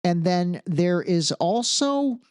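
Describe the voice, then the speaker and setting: A man's voice: high-pitched, slow, clear, resonant tone, no room sound, clean studio sound. Emphatic man hosting a podcast. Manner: animated, emphatic, conversational with frequent asides. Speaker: podcast host. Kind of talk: casual solo commentary.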